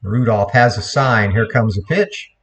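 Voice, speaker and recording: A man's voice: on the low side, unhurried, a little hiss or hum. Man calling replay baseball play-by-play. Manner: steady play-by-play with self-corrections. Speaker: play-by-play commentator.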